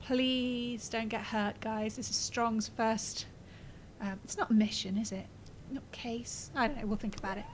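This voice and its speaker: A woman's voice: on the high side, fairly even intonation, measured pace, slight background noise, rough recording. A woman streaming a game, reading its text aloud and chatting casually, swearing and laughing as she plays. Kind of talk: casual gameplay commentary.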